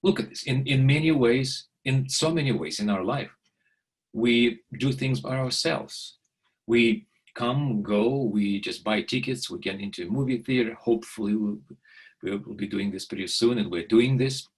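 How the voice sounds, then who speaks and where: A middle-aged man giving a video lecture, halting often with fillers and repeated words. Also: medium pitch, husky.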